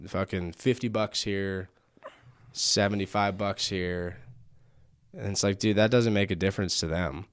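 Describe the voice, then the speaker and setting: Young male podcast host with a very low voice, dry and close on the mic; loose, rambling, profane chat. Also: steady tone, unhurried, smooth, dry recording. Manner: rambling, swears often, many fillers. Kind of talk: casual chat.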